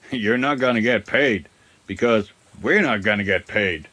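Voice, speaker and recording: A young man co-hosting a comedy podcast, chiming in with quiet deadpan remarks. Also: fairly low pitch, a little slow. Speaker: podcast co-host.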